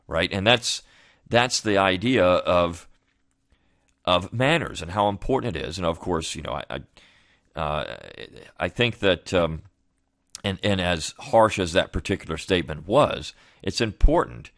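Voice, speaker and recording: A man with a deep, low voice talks through his thoughts in a loose, rambling way, circling back and restarting often. The sound is close and dry, with no room echo. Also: lively intonation, unhurried, fairly bright tone. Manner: rambling, frequent restarts and fillers. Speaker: podcast host. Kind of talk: casual spoken commentary.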